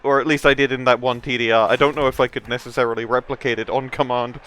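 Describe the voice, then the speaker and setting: A man's voice: medium pitch, fairly even intonation, fast, fairly bright tone, clear, resonant tone, dry recording. A man chatting casually while playing a tabletop sports game with friends, talking through his own moves in a playful way.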